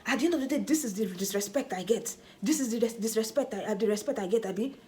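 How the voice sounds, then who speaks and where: A woman's voice: on the high side, fast, warm tone, slight background noise, natural voice. A wounded Nigerian mother scolds her son-in-law and pleads her case in a raised, reproachful voice, as her daughter voices her. She asks what she has done wrong.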